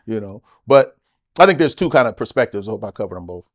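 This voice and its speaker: A man's voice: on the low side, fast. A middle-aged man, an actor, telling stories in a casual interview, swearing and acting out quotes in other voices. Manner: animated, swearing, acts out quotes in other voices, laughs often.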